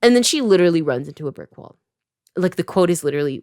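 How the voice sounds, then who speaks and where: Woman, twenties, from Canada, chatty sarcastic storyteller, animated pitch, dry sound. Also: fast, no room sound. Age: 20s. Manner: chatty, filler-heavy, sarcastic asides. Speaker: writer and video creator. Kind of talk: casual plot recap to camera.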